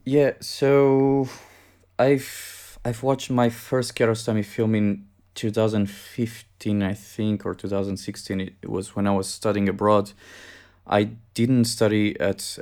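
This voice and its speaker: A man's voice: lowish voice, level tone, measured pace, a little mellow. A man from Portugal, an English speaker, joining a casual film discussion as a guest and talking thoughtfully, searching for words. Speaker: podcast guest.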